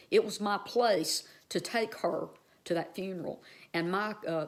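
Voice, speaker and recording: A woman vlogger earnestly telling a personal story to her viewers, with many fillers and restarts. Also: on the low side.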